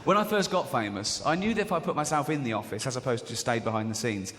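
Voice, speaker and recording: Speaking fast with lively intonation in a mid-range voice, this English comedian in his forties jokes, swears freely and mimics characters in put-on voices. He's on a large theatre stage, heard through a stage mic with long hall reverb, background noise and the audience laughing.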